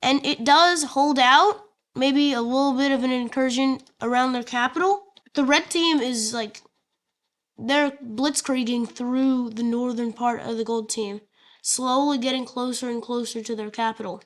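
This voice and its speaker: A woman talks through an alternate-history map story in a loose, chatty way, with plenty of fillers and joking asides. Her voice sits a little high, and she sounds relaxed and unscripted. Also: unhurried. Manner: casual, chatty, filler-heavy, jokey asides. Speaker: map video narrator. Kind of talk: casual narrated map story.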